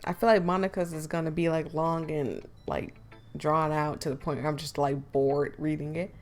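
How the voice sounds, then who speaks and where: A woman's voice: low voice, flat delivery, normal speed, darkish tone, faint music behind. A young woman streamer making joking, self-deprecating asides over a game, her voice a little worn. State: slightly losing her voice. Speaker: gaming streamer. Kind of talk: casual let's-play commentary.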